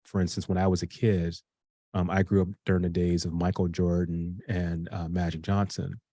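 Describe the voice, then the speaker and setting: A man in his forties walks through a workshop topic in a relaxed, conversational way, trips over a word now and then, and starts again. His voice is very low. The sound is dry, with no room echo. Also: moderate pace. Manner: conversational, with frequent restarts and fillers. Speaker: speaker teaching a self-improvement workshop. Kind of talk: casual explanatory talk.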